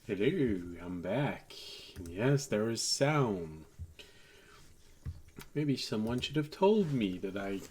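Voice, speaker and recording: A man's voice: fairly low pitch, very animated, takes it slowly, a little mellow, slightly rough. A man streaming while he draws a map, thinking aloud, muttering to himself and making dry asides to his chat over a desk microphone.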